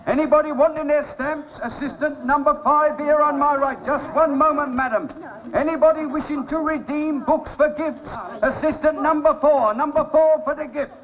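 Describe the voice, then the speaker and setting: An actor playing a harassed, flustered shopkeeper husband in a 1960s television sitcom. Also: male voice, high voice, animated, moderate pace. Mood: officious. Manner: flustered and pleading. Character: harassed, put-upon middle-aged shopkeeper husband. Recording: dull old TV soundtrack with hiss.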